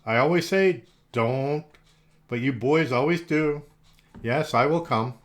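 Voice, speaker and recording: Man plays fussy old fish seller in a storybook, wry, knowing, unhurried. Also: mid-range voice, lightly acted. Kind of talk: children's storybook reading.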